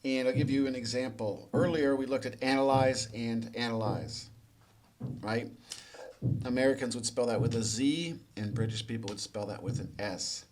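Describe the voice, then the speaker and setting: A man teaching English. He asks the viewer quiz questions, then explains the answers in a relaxed, conversational way. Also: medium pitch, normal speed. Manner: relaxed and conversational, with small restarts. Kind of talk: explanatory lesson narration.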